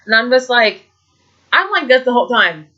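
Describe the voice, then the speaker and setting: Excitable woman telling a fan story. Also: fairly high pitch, moderate pace, muffled recording. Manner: excitable, lots of fillers and quoted reactions. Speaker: vlog host. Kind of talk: casual storytelling.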